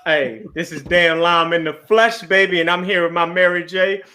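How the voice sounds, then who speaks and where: A man's voice: high voice, moderate pace. A man co-hosting a podcast in casual, teasing banter. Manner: joking, loud, teasing. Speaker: podcast co-host.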